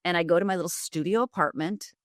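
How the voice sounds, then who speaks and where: A middle-aged woman from Upper Michigan speaks in a lowish voice, retelling her life story vividly and acting out the people in it. Her voice is recorded dry and close, with no room sound around it. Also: quick pace, no echo. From Upper Michigan, USA. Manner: vivid, dramatic retelling with acted-out quotes. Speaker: guest, life coach. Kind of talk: candid storytelling interview.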